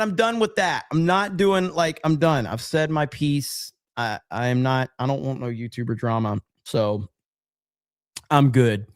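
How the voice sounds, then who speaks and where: A man's voice: medium pitch, no echo, studio quality. Loose, profane male livestream host. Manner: loose, profane, rambling with frequent fillers and laughs. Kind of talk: casual livestream chat reading viewer comments.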